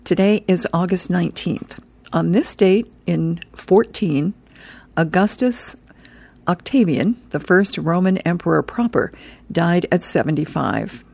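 Gravelly low-voiced woman reading on air. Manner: chuckling, relaxed. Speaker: radio host. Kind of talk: reading advice and comics on air.

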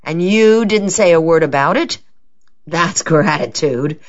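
A woman voicing a gruff, domineering old woman who speaks bluntly and slowly, on a dull lo-fi recording. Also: lowish voice, expressive, voice pushed up. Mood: imperious. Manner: blunt, imperious, slow drawl.

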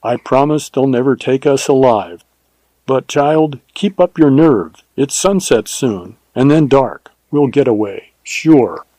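Narrator doing a rugged Western ranger for an audiobook, urgent and commanding, dry close sound. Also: male voice, medium pitch, slow, dark tone, no room sound, low-quality recording. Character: rugged protective male ranger on the run.

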